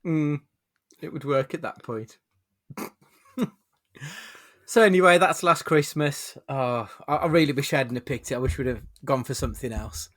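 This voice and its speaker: A man's voice: medium pitch, normal speed, long pauses, a bit bright, no echo, clean studio sound. A man hosting a casual film podcast, joking and swearing freely while he leads the chat. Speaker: podcast host.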